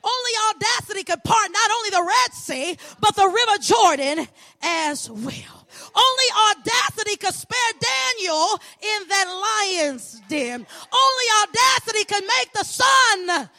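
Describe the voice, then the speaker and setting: A woman preaching an impassioned sermon, building repeated lines into ringing shouts. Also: very high voice, lively intonation, a little slow. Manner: rhythmic repetition, building to shouts.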